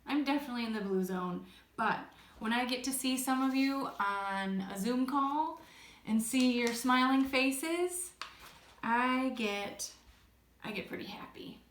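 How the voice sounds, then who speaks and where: A middle-aged woman speech therapist giving a recorded lesson to children, gently modeling phrases in an exaggerated sing-song way. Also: fairly high pitch. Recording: echoey room.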